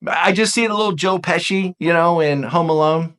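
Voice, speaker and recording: A man giving a casual, animated teaching talk, emphatic and self-deprecating. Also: on the high side, moderate pace. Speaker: Enneagram teacher.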